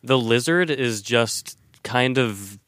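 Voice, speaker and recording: A man's voice: medium pitch, slow pace, fairly bright tone, dry recording. A young man co-hosting a podcast, chatting about movies with blunt, wry quips. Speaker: podcast co-host. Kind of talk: casual movie chat.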